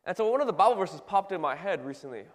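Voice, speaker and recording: A man giving a relaxed, conversational sermon as a youth pastor, with plenty of "you know", "like" and restarts as he explains scripture. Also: sits high, quick pace. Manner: conversational, many fillers and restarts. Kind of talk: casual sermon. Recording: long reverb in a hall.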